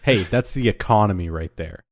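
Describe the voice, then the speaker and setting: A man co-hosting a podcast who cracks sarcastic, deadpan jokes in casual banter and laughs often. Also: sits low, moderate pace, slight background noise. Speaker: podcast co-host.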